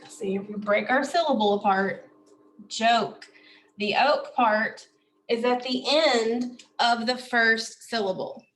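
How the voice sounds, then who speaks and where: A woman teaching a phonics lesson, slowly and patiently sounding out words and syllables for children. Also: on the high side, a bit bright.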